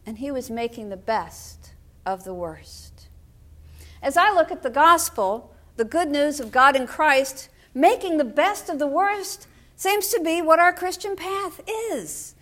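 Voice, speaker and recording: A woman's voice: extremely high pitch, measured pace, a bit bright. An older woman pastor delivering a sermon in a storytelling way, with wry humor.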